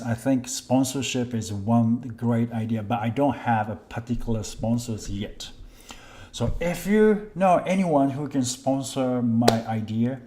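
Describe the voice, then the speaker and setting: A man chatting casually on a live stream as a kendo instructor, reading viewer comments with a halting, polite manner. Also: mid-range voice, dark tone. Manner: hesitant, halting, many restarts while reading names; polite, thanks viewers often.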